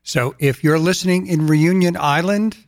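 A man's voice: fairly high pitch, normal speed, no room sound, clean studio sound. An older man from Massachusetts co-hosting a travel podcast, teasing and self-deprecating in casual chat. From Massachusetts, USA. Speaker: podcast co-host.

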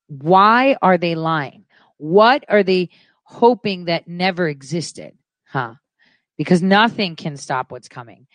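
A woman's voice: on the low side, dry recording. A woman vlogger giving hesitant, casual commentary full of fillers.

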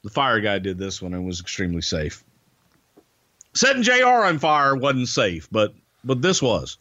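A man's voice: medium pitch, huge pitch swings, moderate pace, bright, forceful tone, no echo, dull audio. A man telling a backstage story in a casual interview, rambling with restarts and casual swearing. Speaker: guest, former wrestling TV producer.

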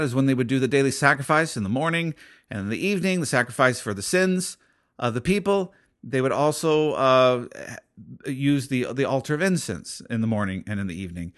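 A man's voice: medium pitch, fairly bright tone. Conversational male pastor preaching. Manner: conversational, thinking aloud with frequent restarts. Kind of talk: sermon.

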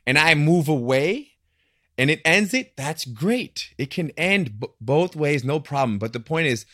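Animated man telling stories, dry sound. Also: on the high side, unhurried, dry recording. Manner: animated, acts out quoted voices. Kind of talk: casual conversation.

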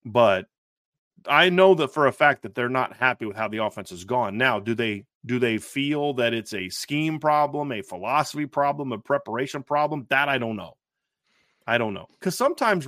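A man's voice: medium pitch, fairly bright tone, no echo, clean studio sound. A man hosting a sports podcast, talking through football questions in an emphatic, repetitive way. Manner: emphatic, repeats himself and restarts. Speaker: podcast host. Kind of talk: sports talk show analysis.

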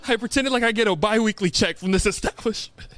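A young man with a high voice, animated and self-mocking as he spins a story on a casual podcast. The sound is close and dry, with no room around it. He laughs easily as he goes. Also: fast, clear, resonant tone, no echo. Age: young adult. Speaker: podcast co-host. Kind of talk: casual chat.

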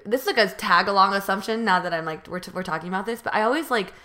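Bright-voiced American woman podcast host. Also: medium pitch, very fast. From United States. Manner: rambling, many "like" fillers and restarts. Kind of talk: casual chat.

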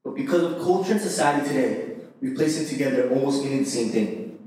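A man's voice: mid-range voice, expressive, fast talker, dark tone. A young man preaching a casual, slangy sermon with laughing asides to a congregation. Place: church hall. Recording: echoey hall, mic far off.

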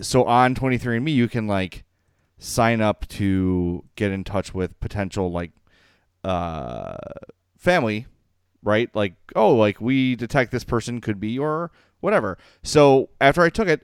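Man chatting with lively smooth voice. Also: lowish voice, dry recording, clean studio sound. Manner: rambling, self-deprecating, laughs often. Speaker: podcast co-host. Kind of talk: casual chat.

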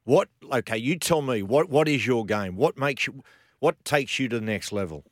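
A man's voice: medium pitch, expressive, normal speed, no echo, clean studio sound. A man hosting a breakfast radio show, chatting in a blokey, joking way. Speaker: radio host.

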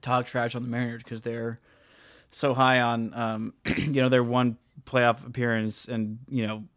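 A man's voice: mid-range voice, little pitch movement, unhurried, a bit bright, no echo. Male podcast co-host, casual and chatty, dry close sound. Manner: chatty, lots of fillers, jokey. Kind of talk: casual sports podcast chat.

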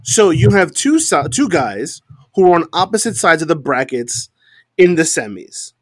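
A man on a wrestling podcast, venting with exasperation about the show's booking. His voice sits a bit high for a man and moves a lot, and it is recorded dry and up close. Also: sing-song, moderate pace, no echo. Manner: exasperated ranting critic. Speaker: podcast co-host. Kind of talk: casual wrestling opinion chat.

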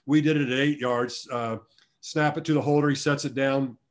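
A man's voice: mid-range voice, steady tone, normal speed. A middle-aged man, a former football long snapper, answering interview questions in a rambling, self-deprecating way with many restarts. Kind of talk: conversational storytelling interview.

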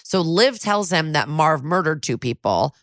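Low-voiced woman podcast host. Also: lively intonation, a little slow, no echo, clean studio sound. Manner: sarcastic, storytelling. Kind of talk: casual recap chat.

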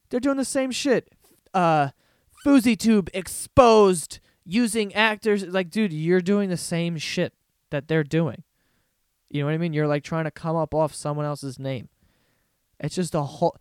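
A man's voice: fairly high pitch, a little mellow, dry recording, clean studio sound. A young man hosting a casual solo podcast, ranting with lots of profanity and sarcasm and mimicking other people. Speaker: podcast host.

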